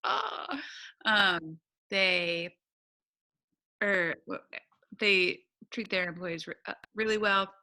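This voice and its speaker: A woman's voice: fairly low pitch, fairly even intonation, slow, pauses often, bright, forceful tone. A woman in her thirties from upstate New York, co-hosting a casual podcast chat, laughing often and rambling cheerfully. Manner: laughs often, chatty and self-deprecating. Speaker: podcast co-host.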